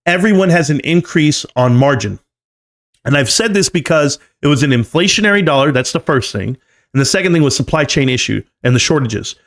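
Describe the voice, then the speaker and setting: A man's voice: a little high, animated, brisk, a bit bright. A man giving live stream market commentary, emphatic and lecturing, often repeating key numbers. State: coughing, choked up.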